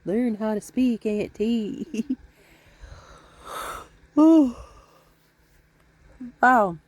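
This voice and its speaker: Speaking very slowly in a slightly high, darkish voice, a middle-aged vlogger talks to her viewers from inside her home. She's chatty, rambling and self-deprecating, and there's no echo.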